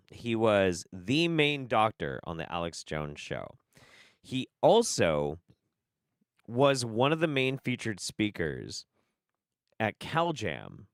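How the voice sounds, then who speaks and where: Swearing dude hosting a stream, voice jumps all over, dry close mic. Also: male voice, fairly low pitch, a bit bright, no echo. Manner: profane, laughing, exasperated. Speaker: streamer host. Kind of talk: casual commentary stream.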